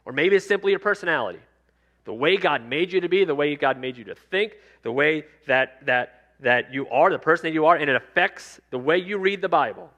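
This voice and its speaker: A man's voice: on the high side, expressive, brisk, a bit bright, muffled recording. Man preaching in a conversational style. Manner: conversational preaching with repeated refrains. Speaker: pastor. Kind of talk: sermon. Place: church sanctuary.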